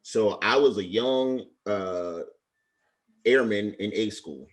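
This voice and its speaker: Speaking slowly in a fairly low-pitched voice, a Brooklyn man in his forties recounts stories from his time as a Navy chief, now retired. The casual interview carries his passion and earnest feeling.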